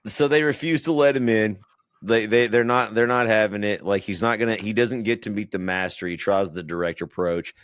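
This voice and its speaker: Man, low voice, wry emphatic podcast banter, dry sound. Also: fairly even intonation, a little fast, a bit bright, no echo. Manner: emphatic, wry, laughs often. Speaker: podcast co-host. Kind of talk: casual film-review banter.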